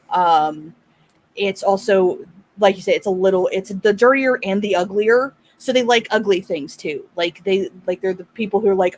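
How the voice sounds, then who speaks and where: A woman's voice: medium pitch, a little mellow. A woman on a discussion stream, casually explaining a trend with lots of "like" and "um" fillers. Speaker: panel guest. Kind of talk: casual chat.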